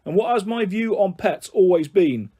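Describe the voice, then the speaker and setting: A man's voice: high-pitched, lively intonation, moderate pace, mellow, slightly rough, pitched above the performer's own voice. A man voicing a bullying middle-aged father who coaxes and sneers in a taunting, menacing way. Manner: taunting, mock-jovial then harsh.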